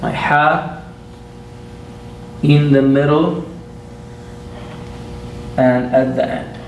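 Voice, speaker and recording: A man, an imam, teaching a classroom lesson, patient and playful, repeating sounds slowly for his students. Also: a little high, steady tone, darkish tone, a little hiss or hum. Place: mosque classroom. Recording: echoey room.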